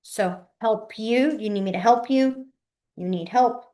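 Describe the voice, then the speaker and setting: A woman's voice: on the high side, unhurried, mellow. A young woman, teaching a sign language class in a chatty, informal way that often trails off while she demonstrates. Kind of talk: casual online class teaching.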